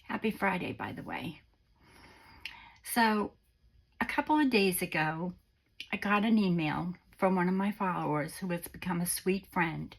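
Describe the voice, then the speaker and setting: A woman hosting a crafting vlog, talking gently and sentimentally to her viewers while unwell on antibiotics. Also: fairly low pitch, moderate pace. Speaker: crafting channel host. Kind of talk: casual vlog chat to viewers.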